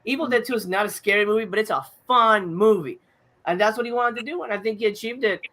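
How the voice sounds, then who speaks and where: A man's voice: high-pitched, fast, bright, forceful tone. A man co-hosting a movie podcast, talking in a rambling, casual way with many fillers and restarts. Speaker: podcast co-host reviewing movies. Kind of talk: casual chat.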